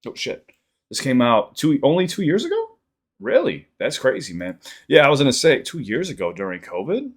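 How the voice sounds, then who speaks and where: A man's voice: mid-range voice, huge pitch swings, normal speed. A man hosting a reaction channel, talking casually and rambling with frequent laughs.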